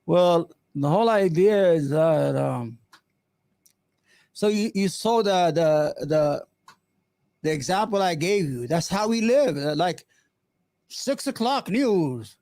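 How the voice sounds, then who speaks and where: A man hosting an opinionated live commentary stream, impassioned and sarcastic, often halting on fillers and restarts. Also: fairly high pitch, animated, darkish tone, no room sound. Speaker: livestream host.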